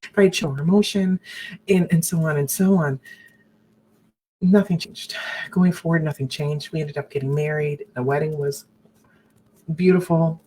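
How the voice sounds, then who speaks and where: A woman sharing her own story of abuse in a personal broadcast, talking haltingly and earnestly, often restarting and acting out what others said. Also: low-pitched, steady tone, mellow, slightly rough, rough recording.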